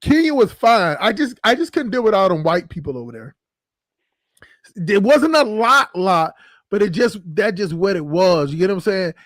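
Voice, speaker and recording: A man with a high voice hosts a loose, crude chat on a stream, laughing often as he jokes. His voice is recorded dry and close, with no room sound. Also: big pitch swings, normal speed, a bit bright, dry recording. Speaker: stream host. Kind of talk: casual chat.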